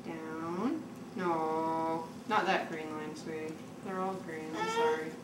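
Woman, mother, patient and encouraging, slow lilting delivery; far-off roomy home-video sound. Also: sits low, fairly even intonation. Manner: slow, encouraging, sing-song prompting. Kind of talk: home video, coaching a toddler. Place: family home, indoors. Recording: roomy home room, mic far off, background noise.

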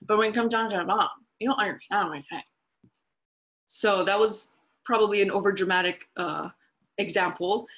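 A woman's voice: mid-range voice, a bit bright. Woman patiently teaching dementia care. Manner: patient, explanatory teaching with everyday examples; simple repeated phrasing for emphasis. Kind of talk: webinar presentation.

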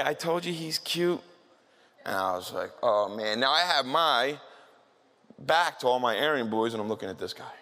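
A man's voice: on the high side, fairly bright tone. Man telling a story in a hall. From South Philadelphia, USA. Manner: candid, conversational, frequent restarts. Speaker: speaker at a talk. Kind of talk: storytelling talk. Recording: long reverb in a hall.

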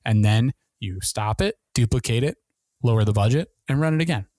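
A man hosting a marketing podcast, talking very fast with many restarts and fillers. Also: mid-range voice, lively intonation, a little mellow, no room sound. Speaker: podcast host and ad consultant.

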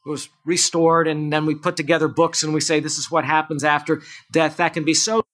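A man preaching a sermon as a pastor, asking the congregation questions and swinging between emphatic lines and quiet low asides. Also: level tone, a little fast.

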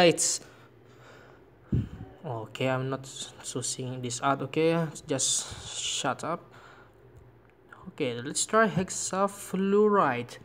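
A man vlogging casually about phone apps, speaking halting English with frequent restarts and searches for words. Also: fairly high pitch, a little hiss or hum. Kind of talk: casual phone-app vlog.

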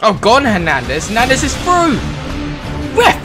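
A young British man giving gameplay commentary on a football video game, excitable and sarcastic, shouting at goals. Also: on the high side, normal speed, over loud music. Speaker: gaming commentator.

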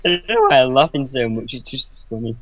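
A man's voice: medium pitch, fast talker, crowd noise. A man co-hosting a casual Let's Play, laid-back and chuckling with dry asides. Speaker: gaming channel co-host. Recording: dull lo-fi voice-chat mic.

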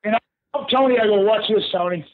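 Casting: older guy with a high voice, chatty storyteller, over a tinny phone line. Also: quick pace, crowd noise. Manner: lively yarn-spinner who laughs often and says "brother". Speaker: guest, retired pro wrestler. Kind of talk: animated storytelling in an interview. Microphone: phone call.

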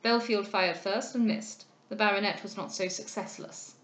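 A woman voicing a courteous, formal gentleman from a period novel, measured and polite. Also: medium pitch, close to an everyday voice. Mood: earnest. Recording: roomy echo.

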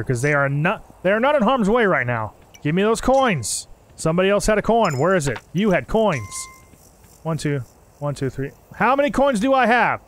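A young man giving joking, animated commentary while playing a game, swearing and talking to the characters. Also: sits high. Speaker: gaming channel host. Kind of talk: casual gameplay commentary.

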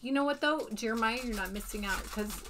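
A woman from Arizona co-hosting a card break, chatting and teasing in a relaxed, talkative way. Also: fairly high pitch. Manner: chatty, teasing, quick questions. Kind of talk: casual card-break chat. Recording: noisy room.

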